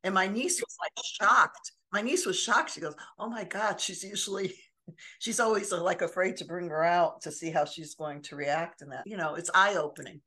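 A woman's voice: fairly low pitch, normal speed, bright, forceful tone. An older woman co-hosting a podcast, telling personal stories in a casual, earnest way with many restarts. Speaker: podcast co-host. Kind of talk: casual chat.

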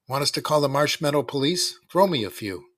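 A man's voice: a little high, animated, brisk, fairly bright tone, no echo, studio quality, distant mic, voice pushed up. A man voicing a smug teenage bully. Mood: smug taunting. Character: cocky teenage boy bully, smug and taunting.

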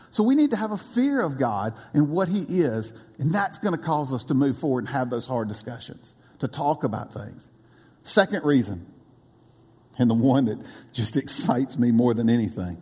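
A man preaching a sermon as pastor, with animated delivery that often drops to a low aside. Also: husky, big-room sound. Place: church.

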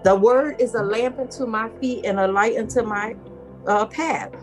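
A woman's voice: on the high side, moderate pace, soft background music. A woman giving spiritual advice in an emphatic preaching manner, quoting scripture from memory and repeating her key words. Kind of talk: faith talk, preaching.

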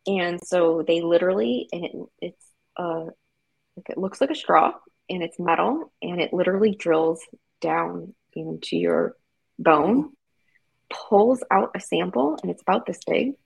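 Woman interview guest, husky and slightly low, candid storyteller with lots of fillers. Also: measured pace, no room sound, rough recording. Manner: emotional, frequent fillers like "like".

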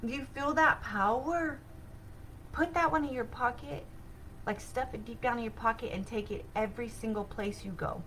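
A woman hosting a spiritual self-help podcast, telling a personal story in an animated, excitable way with sudden bursts of energy. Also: fairly high pitch, normal speed, a little hiss or hum, poor audio. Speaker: podcast host.

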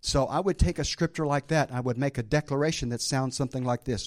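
A man's voice: medium pitch, fast talker, few pauses. A man preaching a sermon as pastor to a church congregation, emphatic, dropping in amens and calls of praise.

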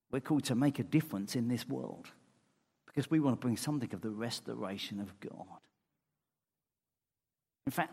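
A man preaching a sermon in earnest tones, moving between loud emphasis and soft, tender asides. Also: mid-range voice, breathy edge. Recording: long hall reverb.

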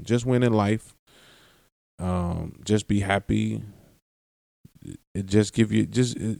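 Gravelly deep-voiced man rambling on a podcast. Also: steady tone, slow pace, long pauses, a little mellow, no echo. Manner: long-winded, self-interrupting, laughs and curses. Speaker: podcast host. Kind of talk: rambling solo podcast monologue.

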